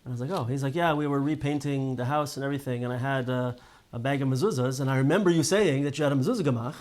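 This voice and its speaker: Animated man teaching a casual Torah class. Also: mid-range voice, racing. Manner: lively storyteller, many restarts and "right?" tags.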